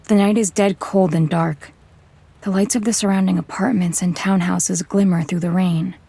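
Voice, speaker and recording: A tough, terse gunslinger tells her story in measured, hard-bitten sentences. The voice sits low and carries a gravelly fry. There is a husky edge to it throughout this scripted audio drama. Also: steady tone, warm tone, no room sound. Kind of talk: scripted first-person drama narration.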